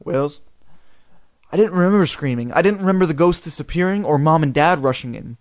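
A man reads a spooky children's book aloud with expressive, dramatic delivery. His voice sits a little high for a man. The sound is dry and close. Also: fairly quick, no echo. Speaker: reader. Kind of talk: reading a storybook aloud.

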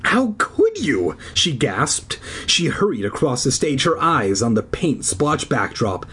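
Husky man reading a story aloud with comic swearing. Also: medium pitch, lively intonation, a little slow, fairly bright tone. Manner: adds swearing and rambling asides. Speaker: reader. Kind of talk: comic read-aloud of a children's book.

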